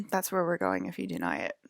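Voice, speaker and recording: A woman from New Jersey rambles through a casual vlog monologue, her speech full of fillers and indignant asides. Her voice sits low and gravelly with vocal fry, and the recording is dry and close. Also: huge pitch swings, normal speed, darkish tone, no echo. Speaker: vlogger.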